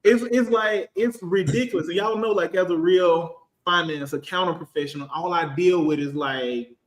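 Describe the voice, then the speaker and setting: A man in his thirties, a finance professional on a casual panel, talking in an animated, storytelling way. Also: high voice, normal speed, roomy sound. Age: 30s. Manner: animated, storytelling, acts out quotes.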